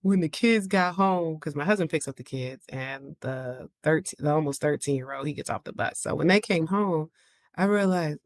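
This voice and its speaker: A chatty woman hosting a podcast, speaking frankly and easily in a fairly low voice. She talks like a psychiatrist sharing her own parenting life, full of "like" and "you know." The close mic gives a dry, roomless sound. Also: normal speed, dry recording. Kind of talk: casual podcast talk on parenting.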